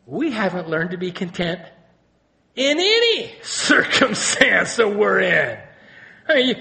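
Male pastor, high voice, lively sermon delivery with sudden drops to hushed intensity. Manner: animated, swings between loud exclamations and quiet intensity; asks the congregation rhetorical questions.

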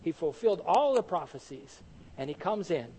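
High-voiced male preacher, animated. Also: normal speed, slightly rough, rough recording. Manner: animated, full of rhetorical questions. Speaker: pastor. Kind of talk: sermon.

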